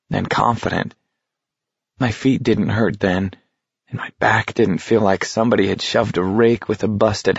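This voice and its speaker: Man doing a panicky teenage boy, gravelly low voice, dull lo-fi recording, tense and strained. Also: dry recording, heavily acted. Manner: panicky, rising to shouts. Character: frightened teenage boy on a deadly long walk.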